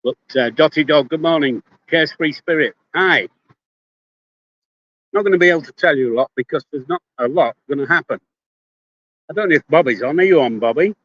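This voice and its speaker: An older Yorkshireman with a voice on the high side chats casually on a phone livestream, talking fairly quickly with long pauses. He's blunt, swears casually, speaks before thinking and greets viewers by name. The phone is held in his hand, and the sound is lo-fi.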